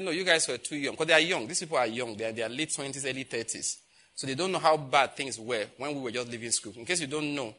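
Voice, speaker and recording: Animated Nigerian pastor in his fifties. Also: medium pitch. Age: 50s. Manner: animated storytelling, grows loud and emphatic when acting out dialogue. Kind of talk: sermon with personal stories.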